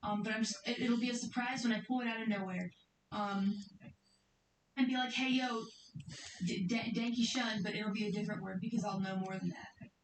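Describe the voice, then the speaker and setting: A woman's voice: medium pitch, fairly even intonation, a little fast, roomy sound, distant mic, slight background noise, rough recording. A woman streamer chatting casually to her viewers, rambling and giggly as she talks about her plans. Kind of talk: casual chat.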